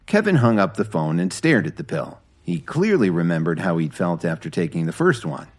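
A man reading a story aloud in scripted narration, steady and even. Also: low voice, moderate pace, hardly any pauses.

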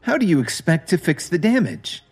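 A jealous, arrogant rich man who bellows insults in a lifted, husky voice, as a male narrator puts him on. His pitch jumps around as he taunts, and he stays loud and sneering. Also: big pitch swings, moderate pace, faint music behind, full character voice. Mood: furious taunting. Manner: shouting, taunting.

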